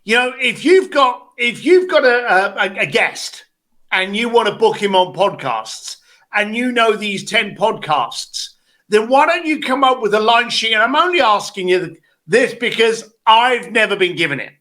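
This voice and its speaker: A man coaching on a video call, giving blunt, animated advice and acting out quotes. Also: sits high, unhurried. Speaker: business coach.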